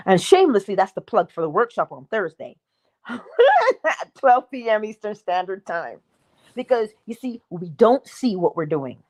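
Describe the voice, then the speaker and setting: Woman, livestream spiritual talk host; animated, wide-ranging voice, emphatic and chatty, acts out quick dialogues. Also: mid-range voice. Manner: emphatic, conversational, asks the audience questions; acts out little dialogues with herself. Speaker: spiritual teacher hosting a morning livestream. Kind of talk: live-stream teaching talk.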